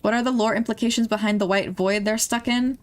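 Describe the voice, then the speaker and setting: A woman's voice: on the high side, steady tone, a little fast. A young woman streaming, chatting casually and emotionally as she reacts to music videos, laughing and gasping along the way.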